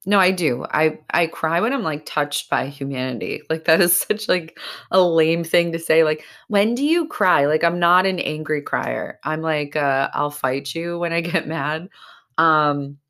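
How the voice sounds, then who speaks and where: A woman from Massachusetts hosts her own podcast in a casual ramble. Her voice sits very low, and she talks through tears, choked up, filling pauses with "um" and "like". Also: a bit bright. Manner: emotional, choked up, rambling with many fillers. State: tearful. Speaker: podcast host. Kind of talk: casual solo podcast talk.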